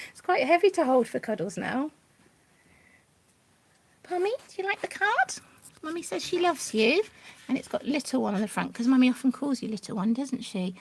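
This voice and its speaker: A woman's voice: high voice, darkish tone, a little hiss or hum. Sing-song woman cooing at a pet. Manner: sing-song baby talk, coaxing questions. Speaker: pet owner live-streaming. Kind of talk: doting chat to a pet rabbit. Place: living room at home.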